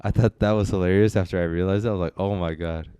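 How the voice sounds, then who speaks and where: Low smooth-voiced guy chatting about movies, lots of ums and restarts, dry close sound. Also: fairly even intonation, rapid-fire, mellow, dry recording. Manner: rambling, hesitant, many fillers and restarts. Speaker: podcast co-host reviewing films. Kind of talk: casual chat.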